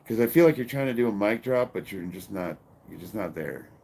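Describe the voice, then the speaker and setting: A man's voice: fairly low pitch, expressive, a little fast, vocal fry, darkish tone, husky. A fifty-year-old man from Illinois, reading his live-stream chat in a blunt, combative, profane way, with bursts of laughter. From Illinois, USA. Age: 50s. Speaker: powerlifter answering live chat.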